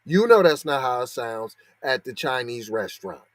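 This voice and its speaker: A podcast host with a medium-pitched voice and lively intonation delivers heated, sarcastic commentary on a news story, firing off one rhetorical question after another. He speaks at a moderate pace, and the recording has no echo.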